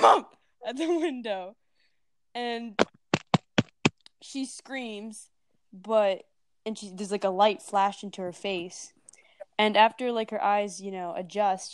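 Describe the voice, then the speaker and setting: Young woman, storyteller, slow delivery, dry close sound, spooky tale. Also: mid-range voice, clear, resonant tone, dry recording. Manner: dramatic scary-story telling with drawn-out sound words. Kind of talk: casual storytelling among friends.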